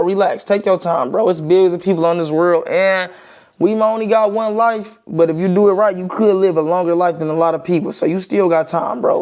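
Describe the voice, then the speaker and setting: A man's voice: high voice, a little mellow. Blunt, profane young-sounding man venting. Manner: blunt and profane, repeating points, emphatic. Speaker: vlogger giving opinions. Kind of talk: casual opinion monologue.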